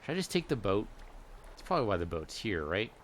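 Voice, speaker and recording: A man's voice: lowish voice, big pitch swings, fast, slight background noise. A man giving casual, rambling commentary while playing a video game, musing aloud as he goes. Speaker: let's play gamer.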